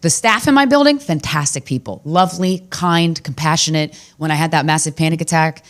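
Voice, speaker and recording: A woman with a deep voice hosts her own comedy podcast, telling a story in a casual way. She talks brash and profane, and her delivery is animated, with sudden leaps up in pitch. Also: a little fast.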